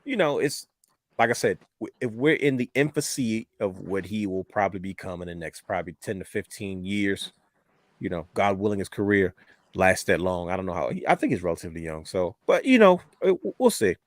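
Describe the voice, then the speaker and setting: A man's voice: deep voice, animated, brisk, no echo, studio quality. A man co-hosting a podcast in casual wrestling chat, rambling and repeating words as he talks. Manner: rambling, repeats words, says "you know what I mean". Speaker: podcast co-host.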